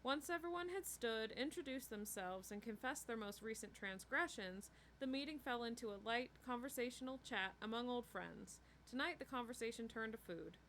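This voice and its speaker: A woman reading a novel chapter aloud in a steady storytelling way. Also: fairly high pitch, moderate pace, hardly any pauses, a little hiss or hum. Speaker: book reader.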